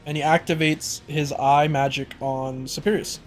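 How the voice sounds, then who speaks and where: A man narrating as game master in a casual, halting way with many fillers. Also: fairly high pitch, flat delivery, over music.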